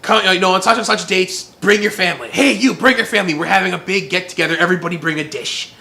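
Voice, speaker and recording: A man's voice: high-pitched, quick pace, creaky, sharp tone, pitched above the performer's own voice, heavily acted. A man voicing a cheerful, hospitable male alien who invites everyone to a family get-together. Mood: welcoming.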